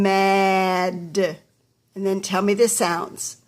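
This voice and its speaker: A woman teaching a phonics lesson to young children, slowly sounding out each word letter by letter. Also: medium pitch. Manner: slow, deliberate, sounding out letters one by one.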